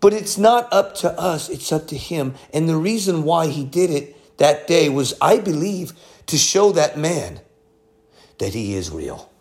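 Animated, higher-pitched male preacher. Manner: animated storytelling, swinging between loud bursts and quiet asides; repeats words and restarts phrases. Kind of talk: sermon with personal testimony.

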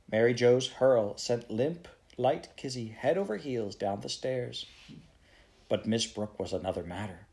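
A man reading a children's novel aloud in a steady storytelling manner. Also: mid-range voice, a little slow, vocal fry. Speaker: audiobook reader.

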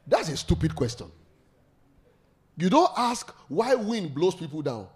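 A man's voice: high voice, very animated, measured pace. A man preaching a sermon, leading call-and-response and laughing often.

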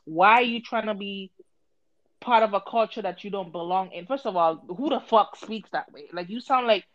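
A podcast co-host with a medium-pitched voice speaks at a moderate pace in a muffled recording. Chatting casually, she tells a story with lots of energy, blunt and heated and swearing freely.

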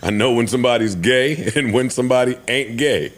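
A man's voice: mid-range voice, fairly quick. Forties guy talking firm and blunt on a podcast, no sugarcoating, a faint hiss under him. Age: 40s. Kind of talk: casual chat.

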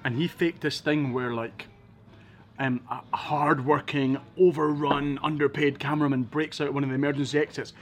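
A Scottish man from Edinburgh, a podcast guest telling animated anecdotes with wry asides. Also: on the high side, normal speed. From Scotland, Edinburgh. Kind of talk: casual storytelling interview.

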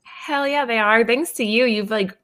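A woman's voice: a little high, moderate pace, fairly bright tone. A woman hosting a casual comic book podcast, upbeat and moving the show along. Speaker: podcast host. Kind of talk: casual chat about comic books.

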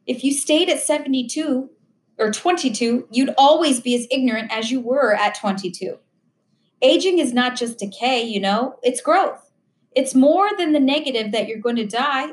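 Brief: woman reading as a gentle, wise old man in his late seventies, patient teacher, raised pitch, roomy echo. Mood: earnest. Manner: earnest, patient, softly teaching.

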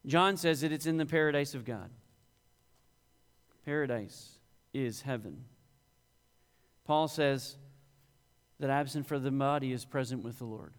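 A man's voice: mid-range voice, measured pace, pauses often. A male pastor preaching a sermon, rising in emphasis on quoted scripture. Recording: long hall reverb.

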